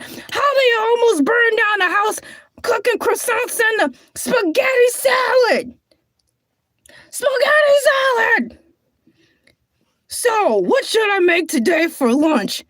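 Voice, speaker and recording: A woman voicing a boastful male cartoon shark who hosts a comedy show, squeaky and sing-song with frequent sighs. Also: fairly bright tone, no echo, clean studio sound, heavily acted. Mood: excited. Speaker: show host. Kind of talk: comedy character monologue.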